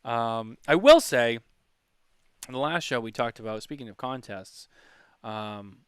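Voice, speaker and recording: A man's voice: medium pitch, lively intonation, measured pace, clear, resonant tone, dry recording, clean studio sound. A man hosting a podcast in casual chat, rambling and chatty as he reads comments. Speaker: podcast host.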